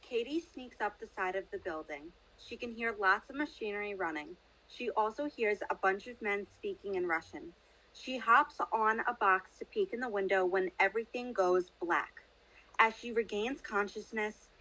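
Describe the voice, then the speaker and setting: Woman reading a story aloud, bright and clear, measured pace. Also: medium pitch, poor audio. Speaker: reader of an excerpt.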